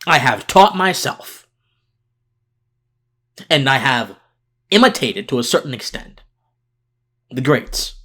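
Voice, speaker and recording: A man hosts a political commentary podcast, speaking off the cuff at a mid-range pitch. He sounds mentally worn out and slower than his usual pace. Still earnest and impassioned, he stumbles into restarts as he pushes his points. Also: lively intonation, sharp tone.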